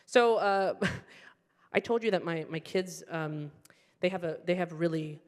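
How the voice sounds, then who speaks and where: A middle-aged woman telling stand-up stories in an animated, wry, self-mocking way on a comedy stage. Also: fairly low pitch, measured pace. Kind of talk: stand-up storytelling. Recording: stage mic with hall reverb.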